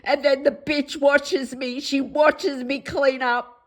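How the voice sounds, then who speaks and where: An Australian woman in a distressed personal vlog monologue, upset and pleading, repeating herself, her voice going hoarse. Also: sits high, fairly even intonation, slow pace, low-quality recording. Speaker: vlogger.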